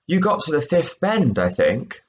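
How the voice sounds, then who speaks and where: A man's voice: a little high, very animated, measured pace, husky, muffled recording, pitched above the performer's own voice, exaggerated voice. A man reading aloud and voicing a curious, polite young girl in a storybook, humble and eager to help. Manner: earnest, humble questioning.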